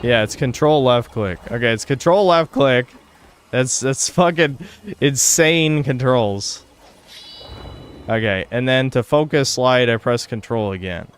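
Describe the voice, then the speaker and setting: A man's voice: medium pitch, a little slow. Frustrated young man swearing at a game. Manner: frustrated, swearing, talking to himself. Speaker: streamer. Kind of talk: live gameplay commentary.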